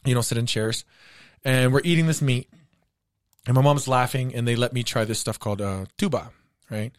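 A man's voice: medium pitch, moderate pace, clean tone. A man telling a long personal story in casual chat, laughing often.

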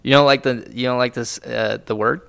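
A man's voice: medium pitch, fairly even intonation, a little fast, creaky, a bit bright, clear, resonant tone. A young man co-hosting a podcast in casual chat, swearing often and laughing easily. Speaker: podcast co-host.

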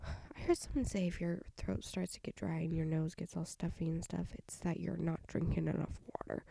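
A woman's voice: on the low side, vocal fry, warm tone, husky, no room sound. A young woman with a stuffy nose hosting a casual solo podcast, rambling with half-whispered asides into a home mic. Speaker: podcast host.

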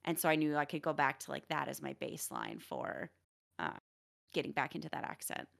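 A young adult woman chatting casually on a stream, lively and quick to laugh. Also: sits low, vocal fry.

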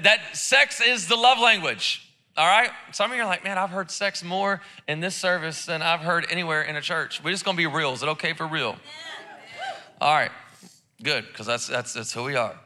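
Male pastor, high bright voice, casual joking sermon, lots of restarts. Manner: casual, joking preacher with many repeated words. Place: church service.

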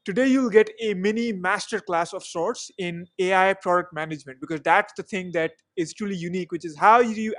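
A man with a fairly high voice hosts a podcast, talking in a loose, chatty way and often restarting his sentences. The sound is dry and close, with no room around him. He introduces the show and his guest casually. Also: fairly quick, few pauses, a bit bright, no room sound. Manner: chatty, self-correcting, frequent fillers. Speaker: podcast host.

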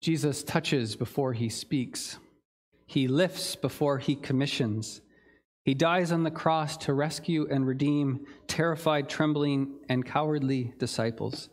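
A man's voice: mid-range voice, steady tone, unhurried. A man preaching a sermon in an earnest, reflective way, with some fillers and restarts. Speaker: pastor.

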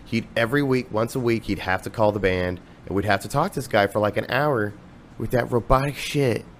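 A man's voice: fairly low pitch, fairly quick, a little hiss or hum. A man from Ohio, a musician guesting on a podcast, telling rambling, profane stories in casual chat.

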